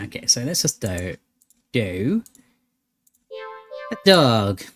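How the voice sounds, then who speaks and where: A man's voice: mid-range voice, animated, slow, long pauses. A man hosting a gaming video, playfully reading a horror game's text aloud between jokey asides. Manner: playful, reads narration dramatically with laughs and asides. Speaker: gaming channel host. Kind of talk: let's play commentary reading game text aloud.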